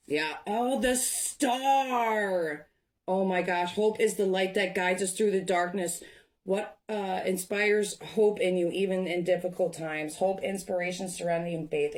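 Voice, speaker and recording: A young adult woman giving an excited tarot reading to camera, gushing and breaking off into fillers. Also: mid-range voice. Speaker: tarot reader.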